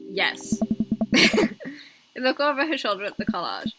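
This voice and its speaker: Woman streamer, upper pitch, reads game dialogue and gushes between lines, laughs a lot; loud game music underneath. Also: a little slow, poor audio. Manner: animated, laughs often, gushes emotionally. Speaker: streamer playing a dating game. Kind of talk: reading game dialogue aloud with live reactions.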